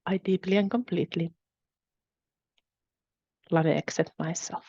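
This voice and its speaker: Woman, webinar host, slow guided phrases, lowish voice, dry dull lo-fi call audio. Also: gravelly, no echo. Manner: slow, calm, repetitive phrasing. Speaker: webinar host leading a tapping exercise. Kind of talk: guided repeat-after-me instruction.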